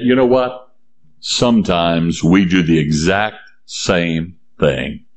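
A man preaching a sermon and reading scripture aloud. He is emphatic, repeats key phrases, and drops low and slow for weight. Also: a little mellow, reverberant, slight background noise.

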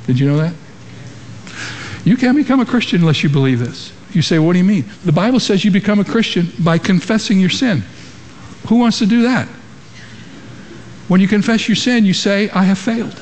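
A man's voice: high-pitched, expressive, normal speed, pauses often, a little mellow, a little hiss or hum. Preaching man in a reverberant hall. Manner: emphatic preaching with rhetorical questions. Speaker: pastor. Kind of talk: sermon. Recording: long reverb of a large hall.

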